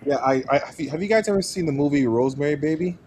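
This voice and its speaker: Animated male actor guest. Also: on the high side, rapid-fire, a little hiss or hum. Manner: animated, laughs while talking. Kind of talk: casual podcast interview.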